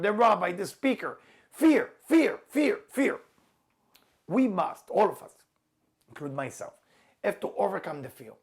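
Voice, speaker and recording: A middle-aged man teaching a spiritual class, emphatic, repeating key words and stretching them out, with non-native phrasing. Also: sits high. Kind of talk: lecturing a class.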